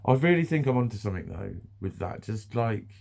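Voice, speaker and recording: A man's voice: fairly low pitch, animated, fairly quick, gravelly, a little mellow. A British man ranting bluntly in a casual vlog monologue, swearing freely, repeating himself and laughing now and then. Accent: British English. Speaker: vlogger.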